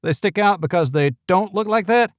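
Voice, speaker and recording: A fussy middle-aged yacht-club manager with a slight New England accent, talking prim and skeptical in a higher register, as a male narrator puts him on. The storybook read is dry and close, with no room sound at all. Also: moderate pace, no room sound, natural voice.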